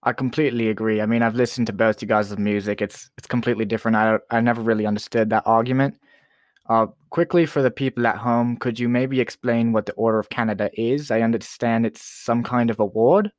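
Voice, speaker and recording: A man hosting a comedy talk show sketch, chatty and quick to apologize. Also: medium pitch, fairly even intonation, no room sound.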